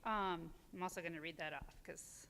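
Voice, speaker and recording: Woman guest speaker, clear resonant voice, unsure and halting, in a long-reverb hall. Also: fairly low pitch, a bit bright. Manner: hesitant, many ums, nervous laughs. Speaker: community group organizer, guest. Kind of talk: casual on-stage interview. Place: church sanctuary.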